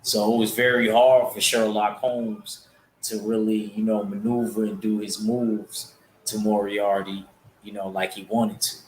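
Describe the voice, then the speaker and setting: A man's voice: fairly low pitch, little pitch movement, a little slow, echoey room, a little hiss or hum. A man hosting a casual boxing livestream, rambling loosely and answering his chat. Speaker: boxing show host reading chat.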